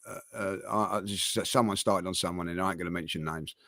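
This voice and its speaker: A man's voice: sits low, fairly even intonation, fairly quick, pushed and bright, dry recording, clean studio sound. A man chatting on a football panel, rambling with lots of fillers and restarts. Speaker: football fan pundit. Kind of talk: casual panel chat.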